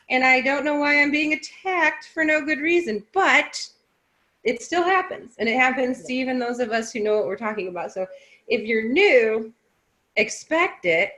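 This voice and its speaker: A woman co-hosting a casual discussion, talking in a lively, chatty way with a sarcastic edge. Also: fairly high pitch, moderate pace.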